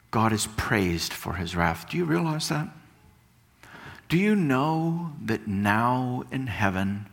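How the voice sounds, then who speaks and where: A man preaching a sermon as pastor, slow and emphatic, building up to pointed questions and then dropping to hushed words. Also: mid-range voice. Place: church sanctuary. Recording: long reverb of a church hall.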